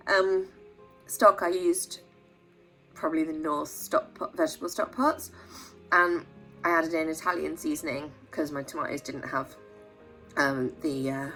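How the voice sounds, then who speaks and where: A woman with a sore throat, chatting casually in a vlog with many ums and asides. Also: a bit bright. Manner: talks in high baby-talk to her pet bird. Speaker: vlogger.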